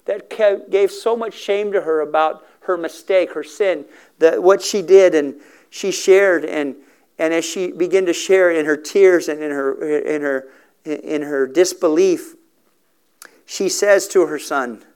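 A man's voice: on the high side, a little slow, a little mellow, smooth. A middle-aged man telling a story in a sermon for a recovery ministry, earnest and emotional, acting out the dialogue.

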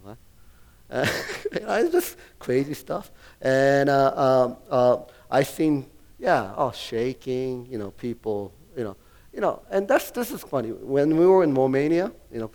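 A man's voice: mid-range voice, a little mellow. A middle-aged male pastor preaching a sermon, rambling with many fillers and restarts and laughing often as he talks.

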